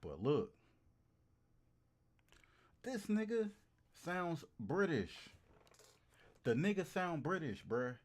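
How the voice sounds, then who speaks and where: A man casually chatting to his livestream audience, animated and slangy, repeating phrases for emphasis. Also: on the high side, slow, long pauses. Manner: slangy and profane. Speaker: streamer.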